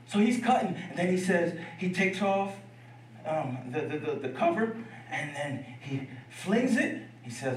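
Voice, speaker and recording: A man's voice: high voice, moderate pace, a bit bright, roomy sound, distant mic, low-quality recording. A man preaching a sermon in a church, telling a story with humor and laughing asides. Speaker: pastor. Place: church sanctuary.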